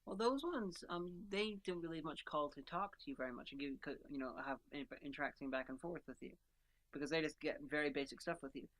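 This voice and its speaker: A woman's voice: sits low, a little fast. A woman co-hosting a podcast, chatting casually and recounting a border crossing. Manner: relaxed, conversational, recounts exchanges with officials. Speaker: podcast co-host. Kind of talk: casual chat.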